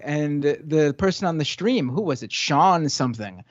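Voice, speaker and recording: A man's voice: fairly high pitch, lively intonation, a little slow, no echo, muffled recording. A man hosting a live stream, chatting casually and ranting animatedly, speeding up when he argues. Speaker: show host.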